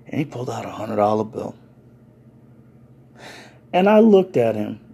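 A man's voice: lowish voice, big pitch swings, a little slow, gravelly, dark tone, a little hiss or hum. A man telling a funny story in casual, profane street slang.

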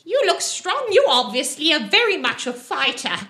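Woman doing a high bossy old gnome lady, singsongy, swoopy. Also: very animated, normal speed, pushed and bright, heavily acted. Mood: wheedling. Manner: bossy, sing-song, wheedling. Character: pushy old female gnome with a cane. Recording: roomy echo.

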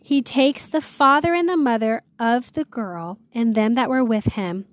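A woman's voice: a little high, unhurried, dry recording. A woman reading Bible verses aloud and retelling them in casual, slangy words, earnest and awed, as host of a devotional series. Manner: reads scripture aloud, then retells it in chatty slang; earnest, awed, often exclaims "wow".

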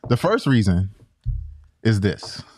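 A man's voice: on the low side, sing-song, takes it slowly, a little mellow, soft background music. A man co-hosting a sports podcast, insistent and explaining his points one by one. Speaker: podcast co-host. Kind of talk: casual sports debate.

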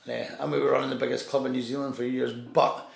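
Speaking fast in a level, medium-pitched, gravelly voice, a man spins a rambling anecdote in casual talk. He curses, starts over, and plays the parts of the people in the story. An echoey room colors the recording.

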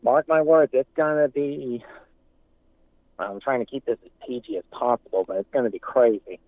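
A man's voice: mid-range voice, expressive, moderate pace, no room sound. Guy calling in, rambly and emphatic, thin phone line, dead dry sound. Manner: rambling, many restarts, emphatic warnings. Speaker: caller. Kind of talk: casual call-in commentary.

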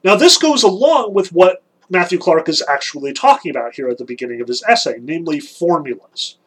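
A man giving a casual spoken lecture on poetry, animated and stressing key words, with casual fillers. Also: on the high side, brisk, husky, low-quality recording. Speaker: lecturer on Homer.

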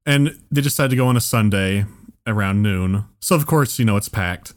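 A man's voice: on the low side, moderate pace. A man telling a long story in casual chat, rambling and full of fillers.

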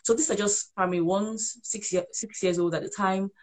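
A woman's voice: medium pitch, fairly even intonation, normal speed, a little mellow. A woman who is a parent and author, giving earnest parenting advice in a conversational way and often repeating herself as she explains. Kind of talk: conversational advice on a live show.

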